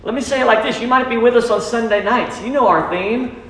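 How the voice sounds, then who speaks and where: High-voiced preacher in an echoey hall. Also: male voice, fairly quick, fairly bright tone. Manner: emphatic preaching with call-and-response questions. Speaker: pastor. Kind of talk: sermon. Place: church sanctuary.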